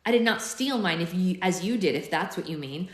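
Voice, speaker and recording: A woman reading as a calm, menacing villainess. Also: fairly low pitch, fairly quick, close to an everyday voice. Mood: cold menacing. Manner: calm, quietly threatening. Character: cold menacing female time-traveling villainess. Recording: roomy echo.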